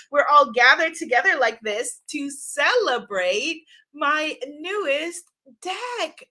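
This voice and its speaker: An effusive woman hosts a live stream and greets her viewers one by one by name. Her voice sits a little high and rings bright and forceful. She laughs easily and keeps the energy up. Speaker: host of a live stream, oracle deck author. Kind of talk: enthusiastic live-stream chat.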